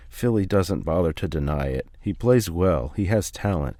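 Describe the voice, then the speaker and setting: A man reading a first-person memoir aloud in a steady, measured way. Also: low voice, no room sound, studio quality. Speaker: audiobook reader.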